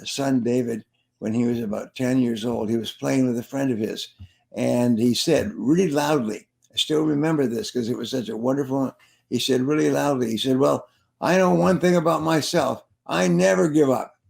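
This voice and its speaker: A man's voice: medium pitch, creaky, a little mellow. A man, a sales trainer and motivational speaker, telling stories in an interview and repeating his key phrases for emphasis. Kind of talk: interview storytelling.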